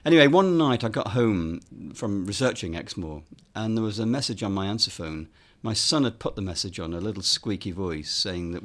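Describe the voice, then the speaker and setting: Speaking a little fast with hardly any pauses, this guest filmmaker and author relates a lengthy anecdote on a podcast in a fairly low voice. His manner is relaxed and um-filled, and he performs the quoted dialogue.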